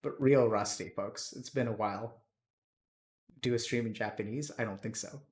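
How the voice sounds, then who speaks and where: A man's voice: lowish voice, moderate pace. A young man from Texas, chatting casually and joking around with his live-stream audience as host. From Texas, USA.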